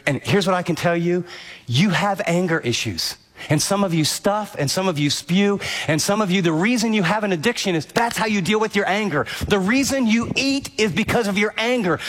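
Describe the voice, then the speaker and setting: A middle-aged man preaching a sermon, telling a personal story and then pressing his points with emphatic repetition. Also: a little high. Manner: earnest storytelling, rising to emphatic exhortation. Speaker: pastor.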